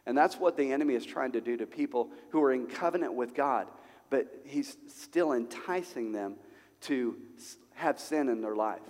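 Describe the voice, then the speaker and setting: A male pastor preaching a sermon at a church service, conversational and animated, full of rhetorical questions. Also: medium pitch, normal speed. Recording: long hall reverb.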